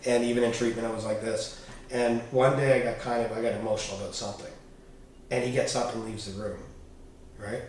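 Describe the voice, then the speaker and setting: Man, podcast guest, candid storytelling, animated, echoey room, distant mic. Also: mid-range voice, a little fast, slight background noise. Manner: animated, swearing, acts out quoted dialogue.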